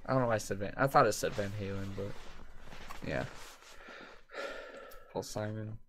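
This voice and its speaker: A man's voice: fairly low pitch, moderate pace, noisy background. A man in casual chat, blunt and swearing freely, making dry jokes while ranking bands.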